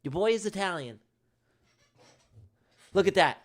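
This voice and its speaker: A man's voice: high-pitched, animated, normal speed. A man streaming his live day trading, talking casually and emphatically to his chat with slangy, repetitive banter and jokes. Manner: slangy, emphatic, repeats himself; jokey banter with viewers.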